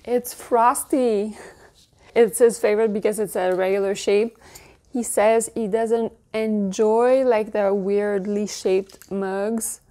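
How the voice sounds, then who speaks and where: A woman in her thirties chatting casually at home while showing off a haul, gushing and now and then cooing in a high baby voice. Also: fairly even intonation, slow pace, dark tone. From Canada. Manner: gushing, coos in a high baby voice at her dog and cute mugs. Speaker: vlogger. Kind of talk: casual show-and-tell haul.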